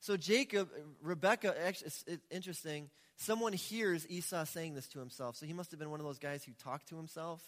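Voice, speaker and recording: A male pastor with a high voice tells his story in a loose, chatty preaching style and often acts out the characters. His voice rings out through a large hall with a long, trailing reverb. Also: fairly quick, hardly any pauses. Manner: conversational, animated storytelling. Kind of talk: sermon.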